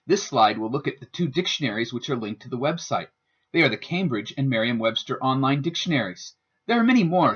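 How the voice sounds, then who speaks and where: A man giving a scripted instructional narration as a student presenter, with a careful, deliberate teaching delivery. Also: medium pitch, fairly bright tone, husky. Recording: dull lo-fi voice-over.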